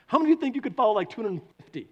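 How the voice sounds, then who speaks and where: A man preaching a sermon to a congregation, animated and putting questions to the listeners. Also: very high voice, racing, dull audio. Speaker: pastor. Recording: long hall reverb.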